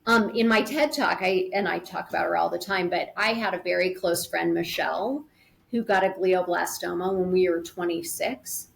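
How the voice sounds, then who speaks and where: A woman's voice: fairly low pitch, normal speed, creaky. A woman guest in an interview, speaking in an earnest, thoughtful way and explaining her ideas through vivid imagery. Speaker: podcast guest on grief. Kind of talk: reflective conversational interview.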